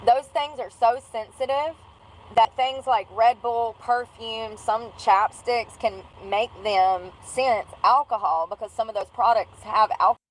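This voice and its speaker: A slightly high-voiced woman talks in a loose, slangy ramble from the driver's seat of a car, with a faint hum of noise under her voice. She sounds candid and unfiltered, and her story wanders from one detail to the next. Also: fairly even intonation, unhurried, low-quality recording. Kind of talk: casual storytelling while driving.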